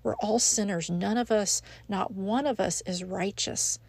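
A woman's voice: mid-range voice, unhurried, creaky, darkish tone, slightly rough. A woman hosting a devotional podcast, speaking earnestly and encouragingly to the listener as a friend. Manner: frequent restarts and fillers. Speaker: podcast host.

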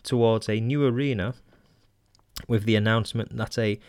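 A man's voice: fairly low pitch, steady tone, moderate pace, a little mellow, clear, resonant tone, dry recording. Dry-voiced Mancunian man musing aloud. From Manchester, England. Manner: hesitant, many ums and restarts, wry asides. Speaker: podcast host. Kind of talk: casual solo podcast reading old magazine articles aloud.

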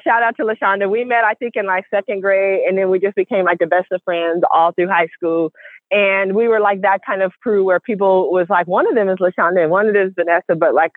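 A woman's voice: medium pitch, no room sound. Chatty woman host on a tinny phone line. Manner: lively, chatty, laughs often. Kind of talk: casual chat on a group call. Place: outdoors walking.

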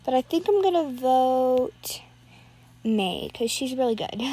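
A woman's voice: high-pitched, expressive, slow, dark tone, husky. A woman giving live, rambling commentary while playing an online game, nervously narrating every move aloud.

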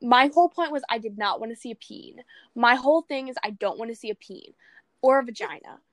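A young woman in casual chat, telling stories in an animated way and acting out quoted lines. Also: a little high, brisk, no room sound. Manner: animated storytelling, acts out quotes.

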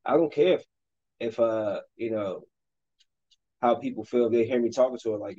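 Rambling man yelling at a video game. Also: medium pitch, moderate pace, pauses often, highs cut off. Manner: rambling, with sudden loud outbursts at the game. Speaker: streamer and father. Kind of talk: casual chat while playing a basketball video game.

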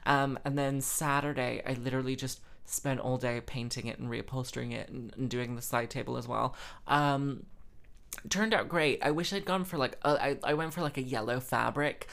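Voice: medium pitch, steady tone, moderate pace, vocal fry, fairly bright tone. Young host; loose, rambling, self-mocking weekly catch-up. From English Midlands. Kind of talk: casual chat.

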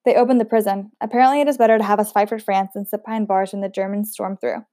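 A woman's voice: medium pitch, steady tone, fast talker, warm tone, no echo, studio quality, natural voice. A woman reading aloud, voicing a scruffy, wiry young man who is a blunt, teasing ex-prisoner in a storybook.

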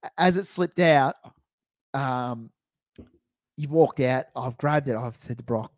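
A man's voice: medium pitch, takes it slowly, no echo, studio quality. A young Australian man telling a story in casual podcast chat, laughing and acting out quotes. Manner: animated, laughing storyteller who acts out quotes. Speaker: podcast co-host.

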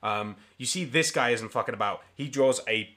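A man's voice: medium pitch, normal speed, sharp tone. A man narrating a tabletop game as game master, casual and full of ums and swearing.

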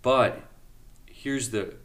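A man who is a health practitioner, chatting on a health podcast and telling a story with excitement, often laughing as he talks. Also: medium pitch, very slow. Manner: excitable storytelling, laughs through his words. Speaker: health practitioner and regular expert on a health show. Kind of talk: casual podcast chat.

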